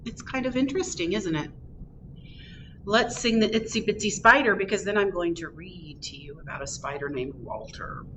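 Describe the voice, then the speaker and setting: A librarian reading a picture book aloud to children at storytime, in an expressive, gently animated voice. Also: female voice, lowish voice, normal speed, background noise.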